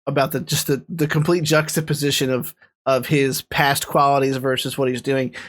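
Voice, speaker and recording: A man's voice: mid-range voice, little pitch movement, normal speed, a bit bright. A man co-hosting a casual podcast, rambling enthusiastically with lots of restarts. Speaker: podcast co-host. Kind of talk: casual chat.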